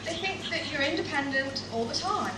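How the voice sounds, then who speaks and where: A woman's voice: sits high, lively intonation, brisk. A woman doing live stand-up in a coffee shop, telling her story with self-mocking humour. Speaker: stand-up performer. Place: coffee shop performance space. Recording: echoey room, distant mic, loud background noise.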